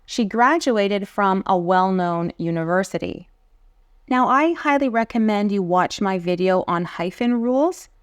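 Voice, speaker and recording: A woman explains grammar in a clear, patient teaching voice, reading each example sentence aloud before taking it apart. Her pitch sits in an ordinary middle range. The recording is dry and close, with no room sound. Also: expressive, measured pace, no echo. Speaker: English teacher. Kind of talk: online grammar lesson.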